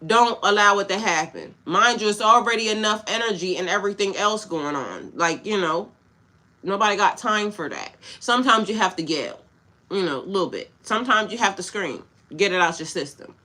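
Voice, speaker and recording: A woman hosts a spiritual reading stream, talking bluntly and casually to her viewers. Her voice has a bright, sharp edge, and she mixes slang with pep-talk advice. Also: medium pitch, expressive, fairly quick. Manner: casual, blunt, slangy, talks back to chat. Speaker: spiritual coach. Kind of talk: livestream tarot-style reading with chat.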